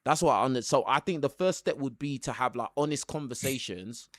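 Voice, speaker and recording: A man's voice: mid-range voice, brisk, dry recording, studio quality. A man hosting a live call-in show, talking emphatically and tagging his points with "bro". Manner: animated, emphatic, tags lines with "bro". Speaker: YouTube caller-show host. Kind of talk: casual live call-in chat.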